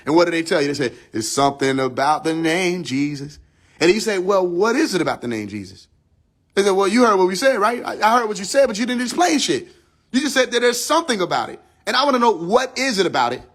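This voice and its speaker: A man with a high-pitched voice preaches on a phone live stream. He talks casually, swears freely and keeps asking rhetorical questions. His voice swings from emphatic high lines to quiet low asides. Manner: casual speech with slang and profanity. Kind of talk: spiritual teaching on a live stream.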